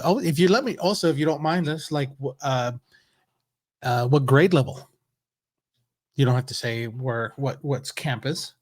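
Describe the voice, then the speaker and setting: A man's voice: medium pitch, darkish tone, no room sound, clean studio sound. A man from California hosting a casual livestream lesson, chatty and upbeat, greeting viewers by name. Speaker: livestream host, education evangelist. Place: home office in Texas.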